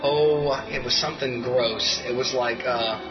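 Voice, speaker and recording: A man co-hosting a talk show, ranting in a heated, profane comedic way that climbs into yelling. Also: medium pitch, steady tone, unhurried, highs cut off, music in the background. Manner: heated, swearing, builds to shouting.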